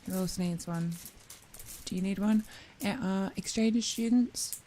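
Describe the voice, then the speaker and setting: A woman streamer in a whispered role-play, chatting playfully and softly with viewers and often giggling. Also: medium pitch, unhurried, slight background noise, poor audio.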